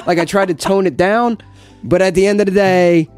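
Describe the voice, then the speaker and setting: A man with a thick New Jersey accent, pitched fairly high, hosting a loose podcast. He talks in animated, jokey, profane banter, with faint music behind him. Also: moderate pace, clear, resonant tone, no echo. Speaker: podcast host. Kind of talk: casual chat.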